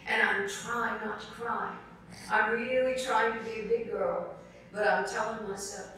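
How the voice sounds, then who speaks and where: A woman's voice: medium pitch, steady tone, a little slow, fairly bright tone. A middle-aged woman from South Carolina, giving an award acceptance speech as an earnest storyteller who keeps calling the audience folks. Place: large formal hall. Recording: echoey hall picked up from a distance.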